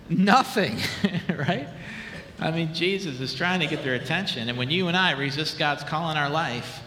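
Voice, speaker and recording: A male pastor preaching a sermon, animated, dropping low and quiet for dramatic retellings. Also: a little hiss or hum. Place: church sanctuary. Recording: echoey hall with long reverb.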